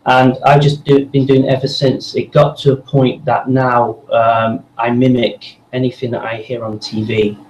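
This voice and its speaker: A man's voice: mid-range voice, level tone, moderate pace, few pauses, a little mellow. A man being interviewed as a voice actor, telling a long story in a rambling way with many fillers and restarts. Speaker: voice actor guest. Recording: roomy echo with faint background hum.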